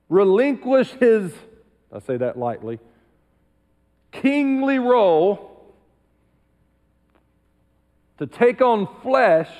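A male pastor preaching a sermon emphatically, dropping into quiet asides. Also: high-pitched, in a large hall. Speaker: senior pastor. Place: church sanctuary.

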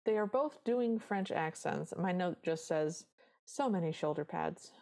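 Female podcast co-host, lowish voice, casual and wry. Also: lively intonation, a little slow, vocal fry, darkish tone. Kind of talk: casual chat recapping a movie.

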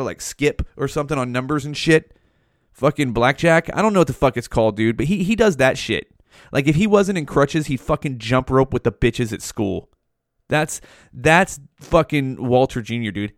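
A man's voice: mid-range voice, moderate pace, no room sound, clean studio sound. A man in his forties hosting a solo podcast, ranting heatedly with constant swearing, talking right up against the microphone in a small room at home. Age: 40s. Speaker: podcast host. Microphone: mouth right up against the mic.

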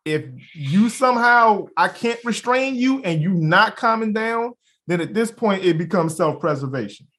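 A man's voice: sits high, moderate pace. A young man co-hosting a casual podcast, telling a story with lots of swearing and laughter and acting out the other people's lines. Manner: animated storyteller, acts out quotes, laughs, swears freely. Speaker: podcast co-host.

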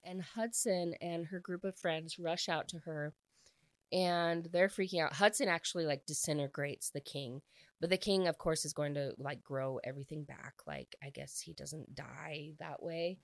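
Woman, low voice, casual rambling book recap, dry close sound. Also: steady tone, moderate pace, no room sound. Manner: rambling, frequent "like" fillers. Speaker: book reviewer.

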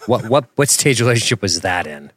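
A man's voice: fairly low pitch, normal speed, dry recording, studio quality. A man co-hosting a podcast in casual chat, telling stories with lots of laughing and swearing. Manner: animated storytelling, acts out scenes, laughs often, swears. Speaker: podcast co-host.

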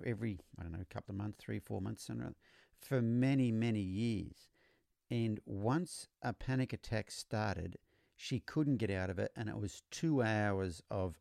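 A man hosting a podcast, explaining horse training in a relaxed storytelling way, often repeating words as he restarts. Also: on the low side, vocal fry, dry recording, studio quality. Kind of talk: conversational teaching monologue.

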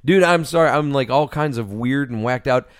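A man's voice: medium pitch, normal speed, no room sound, studio quality. A man co-hosting a casual movie podcast, joking loosely and swearing freely. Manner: loose, profane, jokey banter. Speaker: podcast co-host.

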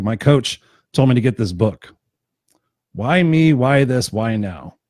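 A man's voice: mid-range voice, a little mellow, husky, no echo, studio quality. A man giving an unscripted motivational talk as host of his own live stream, passionate and swearing freely, repeating points for emphasis.

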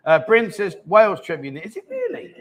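A man's voice: high-pitched, wildly swooping pitch, normal speed, fairly bright tone. A man in his fifties hosting a live chat show, joking and teasing guests and viewers in casual banter. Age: 50s.

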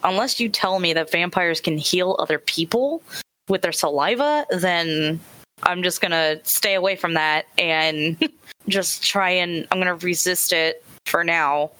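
A woman's voice: fairly low pitch, a little slow, pushed and bright, dry recording. A woman playing a tabletop role-playing game, brash and profane, swearing freely as she describes her character's actions. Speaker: player. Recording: music playing behind.

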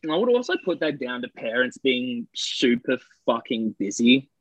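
A man's voice: medium pitch, big pitch swings, normal speed, no room sound, poor audio. A young Australian man co-hosting a podcast, telling stories in casual, sweary chat and mimicking the people he quotes. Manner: sweary storytelling, puts on voices for quoted people. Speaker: podcast co-host.

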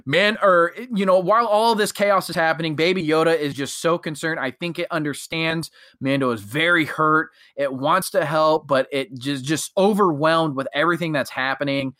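A man's voice: a little high, normal speed, few pauses, pushed and bright, no room sound, clean studio sound. A man co-hosting a podcast, retelling a show's plot in a rambling, casual way full of fillers and acted-out quotes. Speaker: podcast co-host. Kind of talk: casual chat recapping a TV episode.

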